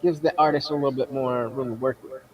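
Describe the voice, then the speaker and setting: A man's voice: mid-range voice, steady tone, quick pace, lo-fi sound, crowd noise. A man on a live stream who rambles through stories, full of "uh" and "like". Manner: rambling storyteller, heavy on "uh" and "like". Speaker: guest. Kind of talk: casual chat on a live stream.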